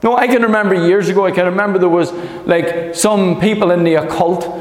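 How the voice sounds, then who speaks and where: Man, sermon, rambling with fillers, high voice, echoey hall. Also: a little fast. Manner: rambling, heavy on fillers, acts out quotes. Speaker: pastor.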